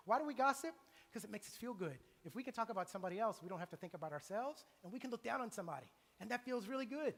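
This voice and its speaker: A middle-aged man preaching a sermon in a church, animated and acting out the voices he quotes. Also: very high voice, rapid-fire. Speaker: pastor. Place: church sanctuary. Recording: long church reverb.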